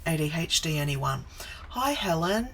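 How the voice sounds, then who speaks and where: Chatty woman, 40s, fairly low voice, unhurried delivery; hosting a casual livestream from her office. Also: big pitch swings, fairly bright tone, a little hiss or hum, low-quality recording. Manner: chatty, greets viewers by name, wanders off topic. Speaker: live stream host. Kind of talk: casual live stream chat. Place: home office.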